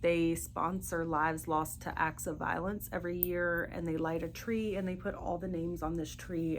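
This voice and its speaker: A middle-aged woman hosts a personal podcast in a low, fairly even voice. She talks earnestly and haltingly, starting over as she looks for words. A faint hum sits behind her. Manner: speaks openly of grief and faith. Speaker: podcast host. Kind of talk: personal monologue.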